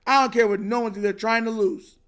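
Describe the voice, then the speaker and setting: Hosting a livestream, a young man rants in frustration about a football game, repeating himself, using slang, and saying "bro" constantly. His high voice is quick, steady, fairly bright, and clean in tone.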